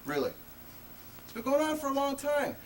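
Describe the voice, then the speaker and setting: A man's voice: extremely high pitch, sing-song, moderate pace. A man giving an impassioned public talk, telling his own story in an emphatic, conversational way with sudden rises in his voice. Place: presentation venue before an audience. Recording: distant mic with faint noise, 1980s video.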